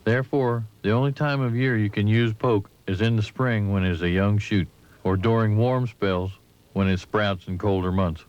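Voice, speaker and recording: A man giving measured, instructive scripted narration for an instructional film, recorded as a voice-over. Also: on the low side, steady tone, a little mellow, clean tone. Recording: dull lo-fi 1980s training film audio.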